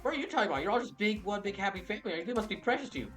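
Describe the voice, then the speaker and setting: A man's voice: sits high, animated, fairly bright tone, far from the mic, faint music behind, voice pushed up. A man voicing a rude, odd young woman on a phone line who is brash and indignant. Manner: brash, indignant, quick to cuss.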